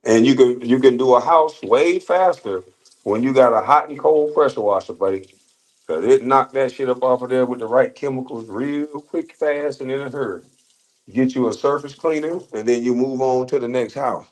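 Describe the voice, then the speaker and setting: A man's voice: medium pitch, normal speed, a little mellow. A man ranting in casual commentary, blunt and heavy on cursing. He keeps breaking into laughter as he talks back to his critics. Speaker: commentator reacting to online critics. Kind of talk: casual profane rant.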